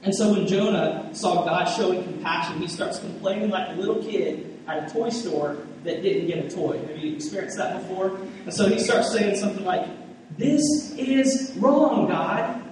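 A man's voice: high voice, fairly quick, darkish tone, recorded from a distance, a little hiss or hum. A man preaching a conversational sermon, often restarting phrases and acting out the voices of the people in his story. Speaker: pastor. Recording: echoey hall, mic from afar.

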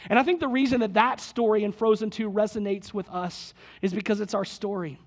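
A man preaching a lively sermon in a church, slightly husky today, retelling a movie scene with quoted voices before leading a prayer. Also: high voice, brisk. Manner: lively storytelling, quotes characters, prays aloud. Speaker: pastor.

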